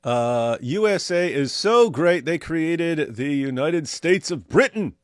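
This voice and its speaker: A man's voice: fairly high pitch, slow, no room sound, studio quality. A man co-hosting a casual livestream, reading viewer comments aloud and answering them with sarcastic jokes. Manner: sarcastic, animated, joking. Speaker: co-host reading viewer chat.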